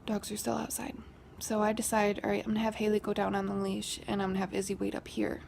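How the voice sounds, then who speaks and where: A young woman vlogger casually tells a story, often half-whispering, in a medium-pitched, monotone voice with gravelly fry and a quick pace. Her hushed, whispery retelling rises when she quotes an argument. There's slight background noise.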